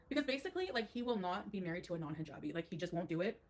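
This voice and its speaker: A woman's voice: mid-range voice, expressive, racing. A woman from Canada telling a personal story on a livestream, rambling and emotional, full of "like".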